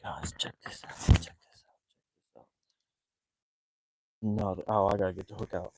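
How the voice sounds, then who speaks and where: A man live-streaming a night fishing trip from a small boat, talking in an excited, rambling way and breathing heavily. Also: lowish voice, normal speed, dry recording, poor audio. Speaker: fishing vlogger. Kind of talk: live outdoor fishing vlog.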